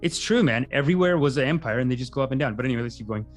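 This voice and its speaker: A man's voice: mid-range voice, lively intonation, rapid-fire, soft background music. A man hosting a podcast, riffing in a rambling, tangent-prone comedic monologue. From Canada.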